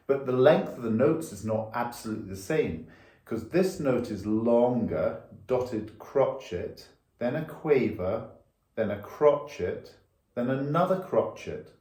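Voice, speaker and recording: A man's voice: medium pitch, animated, slow, a little mellow. A man giving a violin lesson, patiently explaining rhythm and counting the beats aloud. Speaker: violin teacher. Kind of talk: music lesson. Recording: echoey room.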